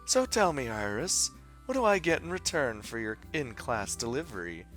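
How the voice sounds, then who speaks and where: A composed, teasing teenage girl in a visual novel, speaking softly and dryly, as a man voices her. Her pitch moves in a lively way and the tone is bright, over faint music. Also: normal speed. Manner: soft, dry, teasing.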